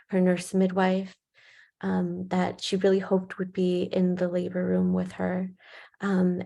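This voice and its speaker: A woman clinician calmly walking through a client case in measured, storytelling speech. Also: on the low side, gravelly. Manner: calm, measured storytelling with soft fillers. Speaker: perinatal mental health clinician. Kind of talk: case presentation talk.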